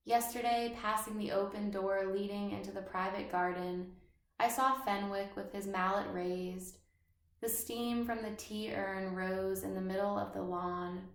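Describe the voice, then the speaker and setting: A woman reads literary prose slowly at a middle pitch. Her delivery is flat and unhurried. The recording has a roomy echo. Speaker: audiobook reader. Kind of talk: literary reading.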